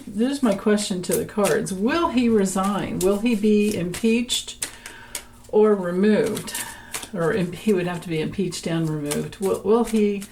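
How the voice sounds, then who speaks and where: A woman's voice: on the low side, a little mellow, a little hiss or hum. A woman giving a chatty tarot reading, laughing often and restarting her sentences as she talks. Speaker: tarot reader. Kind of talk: casual tarot reading vlog.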